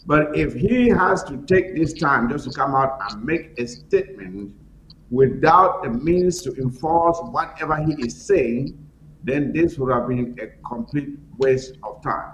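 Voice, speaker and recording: A man from Anglophone Cameroon calling in to a political talk show, forceful and repeating his key points for emphasis. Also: on the high side, lively intonation, measured pace. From Ambazonia (Anglophone Cameroon). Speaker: caller. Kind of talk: emphatic political call-in commentary. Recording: roomy call-in audio with faint background noise.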